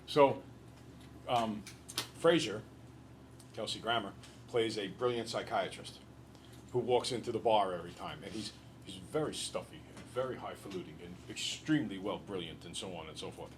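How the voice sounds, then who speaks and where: A male teacher lecturing a class in an animated, joking storyteller way. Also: lowish voice, normal speed, slight background noise.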